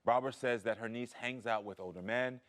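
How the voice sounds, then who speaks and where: A man's voice: medium pitch, fairly quick, fairly bright tone. A male talk show host in a TV studio with a mid-range voice. He speaks emphatically and affectionately, teasing his guest playfully and pressing his points home.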